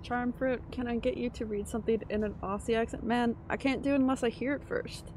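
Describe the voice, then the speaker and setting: While playing a game on stream, a chatty woman laughs often and reads out messages from her viewers to respond. She speaks a bit fast in a slightly high, darkish voice with fairly even intonation, and some faint background noise can be heard.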